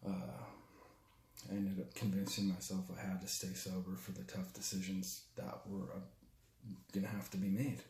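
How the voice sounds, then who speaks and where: A man with a low, dark, mellow voice recounts a hard personal story, halting and raw, with restarts and curses. He sounds young, and the room around him is echoey. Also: completely flat delivery, creaky, slight background noise. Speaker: storyteller recounting his father's death. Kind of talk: personal spoken testimony.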